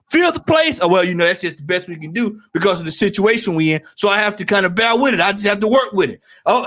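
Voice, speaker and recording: A man rants about his football club, his voice high and swinging widely in pitch. He repeats himself for emphasis and often breaks into shouting. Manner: ranting, repetitive, often shouting. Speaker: football podcast panelist. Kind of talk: heated fan rant on a live stream.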